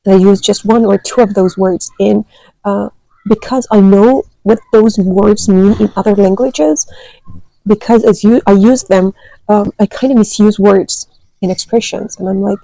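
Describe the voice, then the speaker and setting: A woman's voice: medium pitch, fairly even intonation, a little slow, creaky, mellow, no room sound, poor audio. A woman who grew up speaking Turkmen, chatting casually and with many hesitant fillers about learning languages. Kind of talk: casual vlog talk.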